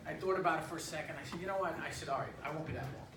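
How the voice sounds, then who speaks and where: A man's voice: a little high, racing. A man in his fifties performing a stand-up comedy set, telling stories in a chatty way with plenty of filler words. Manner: conversational storytelling with lots of filler words. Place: club stage with an audience. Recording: echoey room, distant mic, audience noise. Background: audience laughter.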